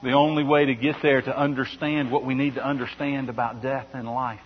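A man's voice: mid-range voice, little pitch movement, brisk, breathy edge. A male pastor preaching a sermon in an earnest way, often restarting phrases and asking rhetorical questions. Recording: dull sound with long hall reverb.

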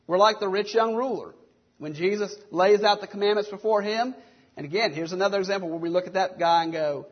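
A man with a high, husky voice preaches an earnest sermon. He drives his points home with strings of rhetorical questions. The recording sounds dull and lo-fi. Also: a little fast. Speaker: pastor.

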